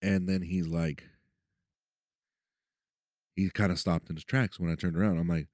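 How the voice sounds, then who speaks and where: In Los Angeles, a male podcast host swaps casual stories from his own life, cursing freely and tossing in "right?" again and again. He speaks low and steady at a moderate pace, with long pauses and a slightly mellow tone. The studio-quality audio carries no room sound.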